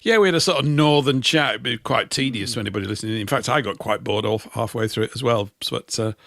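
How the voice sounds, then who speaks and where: A man's voice: medium pitch, fast, gravelly, a bit bright, no echo. Yorkshire guy in his 50s rambling on a radio show, self-mocking, dry close sound. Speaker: co-host. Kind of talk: casual radio chat.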